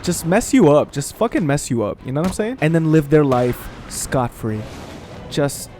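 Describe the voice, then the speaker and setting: A man's voice: fairly high pitch, normal speed, a little hiss or hum. Profane man ranting over gameplay. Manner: profane, animated, emphatic venting. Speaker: gaming streamer.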